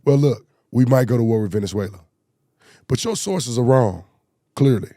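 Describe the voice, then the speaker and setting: A man's voice: mid-range voice, moderate pace, mellow, dry recording, studio quality. A man hosting a political commentary show, ranting in an exasperated way, repeating himself and firing off rhetorical questions. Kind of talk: casual commentary rant.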